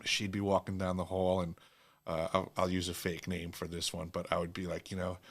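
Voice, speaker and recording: Casting note: low-voiced male host, loose anecdotal delivery, chuckles often. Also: completely flat delivery, brisk, fairly bright tone. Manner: rambling, laughs at his own stories. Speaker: show host. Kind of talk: casual storytelling.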